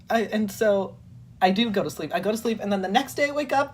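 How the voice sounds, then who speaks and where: A young woman chatting casually as a guest, telling a story in an animated, dramatic way, full of "like" and fillers. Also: mid-range voice, quick pace, a little hiss or hum. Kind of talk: casual chat.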